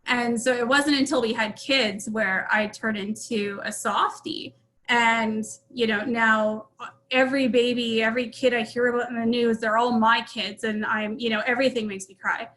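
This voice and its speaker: A woman's voice: fairly high pitch, steady tone, normal speed, fairly bright tone, rough recording. A middle-aged woman, an interview guest, telling a personal family story in a frank, rambling way full of fillers and restarts.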